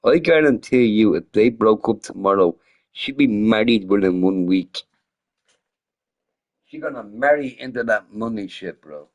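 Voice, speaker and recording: A slightly drunk man streams a game and chats casually, rambling, swearing a lot, and laughing often. His voice is fairly low with lively intonation and a measured pace, and the high frequencies are cut off.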